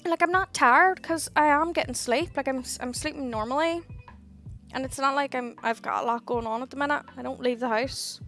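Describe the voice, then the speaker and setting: High-voiced tired woman streamer chatting. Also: a little fast, pushed and bright. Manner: chatty, reads and answers viewer chat, sighs and laughs at herself. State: tired, yawning. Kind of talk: casual live-stream chat. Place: at home. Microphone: headset. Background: faint game music.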